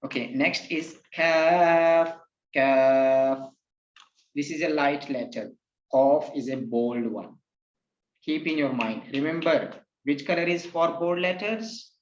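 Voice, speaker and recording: Male Quran tutor, slow, patient drill style; lo-fi echoey recording. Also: a little high. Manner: patient, repeats letter names for the learner to echo. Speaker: Quran reading teacher. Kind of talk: slow recorded lesson with call-and-repeat drills. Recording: roomy, dull lo-fi sound.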